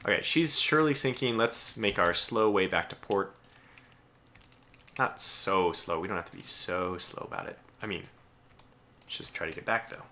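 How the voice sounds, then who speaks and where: A man giving live gameplay commentary as a streamer, chatty and excitable, talking aloud to the ships he commands. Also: low voice, moderate pace, long pauses.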